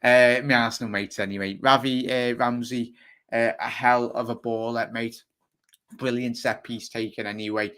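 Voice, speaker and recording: A man with a Liverpool accent hosts a live football fan stream. His voice sits at an ordinary middle pitch. He talks fast and casually, rambling through many fillers as he answers viewer comments. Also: level tone, fairly bright tone, clear, resonant tone. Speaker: fan channel host.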